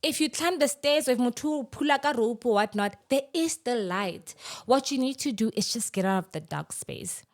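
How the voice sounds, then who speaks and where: A woman, talking heartfelt and animated as a podcast guest. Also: fairly high pitch, normal speed, hardly any pauses. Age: 30s. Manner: animated, heartfelt, mixes in Sesotho phrases. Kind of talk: podcast interview.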